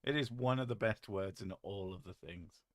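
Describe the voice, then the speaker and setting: A British man chatting casually on a live stream, reading chat aloud with a joking, deadpan manner and casual swearing. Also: lowish voice, moderate pace, dry recording, studio quality.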